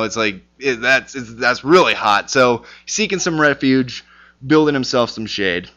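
A man's voice: medium pitch, bright, forceful tone, dull audio. A man teaching a casual Bible lesson, talking conversationally with lots of fillers and restarts.

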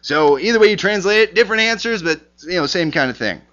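A man's voice: high voice, lively intonation, fast, pushed and bright, lo-fi sound. A man teaching a casual Bible lesson, talking conversationally with lots of fillers and restarts.

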